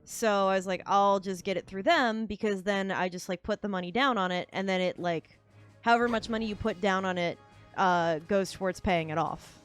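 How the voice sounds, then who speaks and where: A young woman streaming a game, chatting casually in a rambling way, full of "like" fillers and quick laughs. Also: mid-range voice, faint music behind. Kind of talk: casual chat while gaming.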